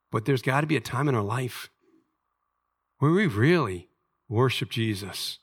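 A man's voice: medium pitch, lively intonation, unhurried, breathy edge. A middle-aged man preaching a sermon as pastor, in an earnest, conversational way, and reading scripture aloud.

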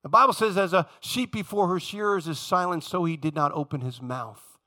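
A man preaching a sermon with passion, talking straight to his congregation and swinging from loud emphasis to hushed, low tones. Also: a little fast. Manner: addresses congregation directly.

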